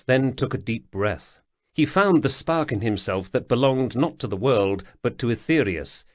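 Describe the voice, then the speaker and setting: Slow, measured male audiobook narrator. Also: mid-range voice, no echo, clean studio sound. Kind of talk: scripted narration.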